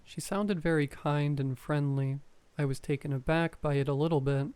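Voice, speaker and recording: A man reading a first-person horror story aloud, calm and measured as a storyteller. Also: fairly high pitch, smooth, no echo.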